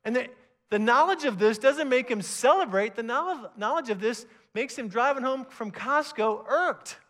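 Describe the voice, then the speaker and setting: High-voiced man preaching a sermon. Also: moderate pace. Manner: animated preaching, reads scripture aloud, occasional stammered restarts. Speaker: pastor.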